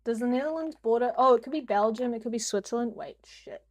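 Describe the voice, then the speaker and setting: A woman's voice: a little high, quick pace, darkish tone. A young woman with a New Zealand accent, streaming a guessing game in casual commentary, jokey, swearing freely and slipping into mock rants.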